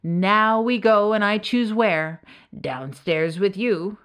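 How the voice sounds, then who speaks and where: Grim male Death, slow and grave, easily frustrated, voiced by a woman; storybook. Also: on the low side, a bit bright, natural voice.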